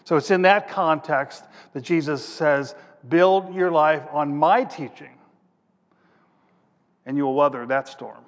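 A man preaching a sermon in a fairly high voice, reading scripture aloud and then explaining it in plain words. He thinks out loud as he hunts for his next passage. His voice trails off into the long reverb of a large hall. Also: slow pace.

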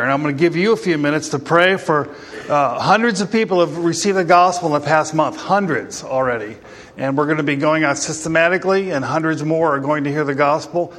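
A pastor preaches to his congregation in a church hall with a long, echoing reverb. His voice is bright and sits a bit high, and he mixes jokes with rousing calls for amen. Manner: joking, rousing, calls for amens. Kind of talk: sermon.

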